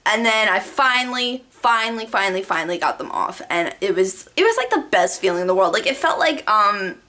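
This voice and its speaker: A young woman vlogging casually, telling stories to the camera with lots of "like" fillers and animated asides. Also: mid-range voice, fairly quick. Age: young adult. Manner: chatty, animated, many "like" fillers.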